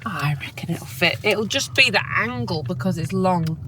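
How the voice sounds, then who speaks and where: A woman, a professional saxophonist, chatting excitedly in a casual vlog. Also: lowish voice, normal speed, a little hiss or hum. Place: in a car and out and about.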